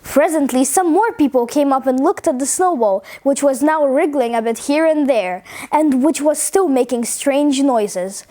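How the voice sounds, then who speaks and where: A woman reading a funny children's story aloud in an expressive, playful way. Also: high voice, normal speed, few pauses.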